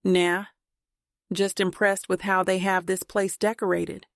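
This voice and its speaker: A woman's voice: mid-range voice, unhurried, dry recording, clean studio sound, lightly acted. A woman reading an easygoing young grandson. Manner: relaxed, playful with his grandmother.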